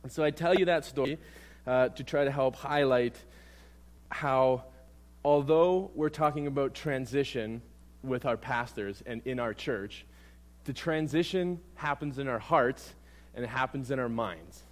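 A young man preaches by telling a story on himself. His telling is animated and self-mocking, and his voice sits at an ordinary middle pitch. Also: a little slow. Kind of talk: sermon told as a personal story.

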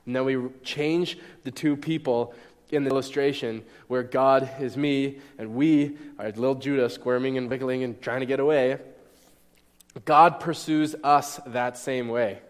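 A young man delivers a sermon in a relaxed, conversational manner. He keeps checking that his listeners follow along. His voice carries a long reverb from a large hall. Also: medium pitch, a little slow. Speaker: pastor. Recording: echoey hall.

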